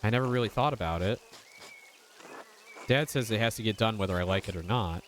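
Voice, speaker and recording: A man voicing a sulky, dutiful young farmhand in a game, reading the lines flatly. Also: lowish voice, a little fast, slight background noise, close to an everyday voice. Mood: grumbling.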